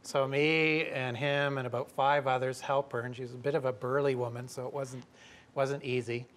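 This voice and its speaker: A middle-aged man from Canada telling a lively story to an audience, acting out the voices of the people in it. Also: medium pitch, moderate pace. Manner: lively, acts out quoted voices. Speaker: professor telling a story at a talk.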